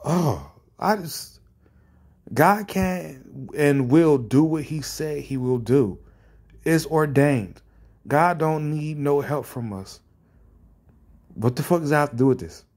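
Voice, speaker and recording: Exasperated, husky-voiced man ranting. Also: fairly high pitch, expressive, slow, darkish tone. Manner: exasperated, profane, sarcastic. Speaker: commentary streamer. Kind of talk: reacting to comments.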